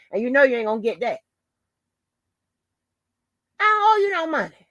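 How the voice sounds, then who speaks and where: A woman's voice: high voice, sing-song, brisk, long pauses, a bit bright, no echo, dull audio. A woman hosting her own channel, delivering a heated, profanity-laden rant full of taunts and insults. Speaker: channel host. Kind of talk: angry profane rant to the camera.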